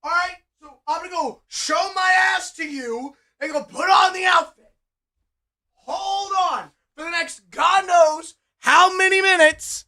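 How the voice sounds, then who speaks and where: Shouting into a desk microphone, a man streams a game live and chats with viewers through melodramatic, mock-whining outbursts. His voice is very high-pitched, bright and forceful, and he keeps a measured pace.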